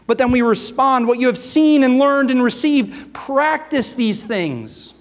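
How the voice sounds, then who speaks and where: A man's voice: extremely high pitch, steady tone, normal speed. A man preaching a sermon, earnest and full of rhetorical questions, reading scripture aloud between his own remarks. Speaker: pastor. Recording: long reverb of a large hall.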